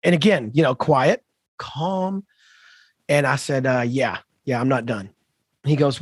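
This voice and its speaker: A man in his fifties, a podcast co-host, telling a story in an animated, emphatic way with lively asides. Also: mid-range voice, measured pace, long pauses, no room sound. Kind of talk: conversational storytelling.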